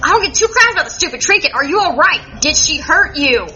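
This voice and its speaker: A woman voicing an agitated young man who talks fast, bluntly and protectively. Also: high voice, sing-song, highs cut off, music in the background, pitched above the performer's own voice. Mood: worried.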